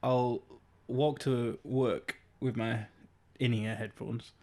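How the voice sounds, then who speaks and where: A man's voice: mid-range voice, little pitch movement, slow, a little mellow. Laughing young English man, easygoing. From England. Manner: laughs often, easygoing, trails off. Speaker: podcast co-host. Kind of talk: casual chat.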